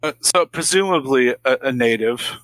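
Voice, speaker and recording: A man's voice: medium pitch, expressive, moderate pace, fairly bright tone, no room sound, rough recording. A man co-hosting a podcast, making wry jokey asides and laughing often while discussing a film. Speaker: podcast co-host. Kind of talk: casual movie-recap chat.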